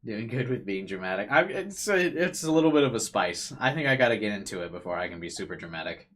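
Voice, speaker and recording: A man's voice: lowish voice, lively intonation, quick pace, fairly bright tone. A young man streaming a visual novel, reading the narration aloud with added drama and chatting with viewers between passages.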